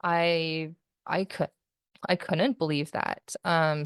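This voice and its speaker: Low, smooth-voiced woman telling her story. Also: dry recording, studio quality. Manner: rambling, full of "like" and "you know" fillers. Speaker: guest. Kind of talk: candid personal account in an interview.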